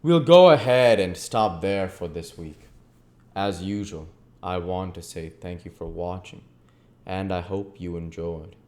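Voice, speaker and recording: A man narrating a classic novel aloud as an audiobook reader, in a measured storytelling manner. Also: low-pitched, darkish tone.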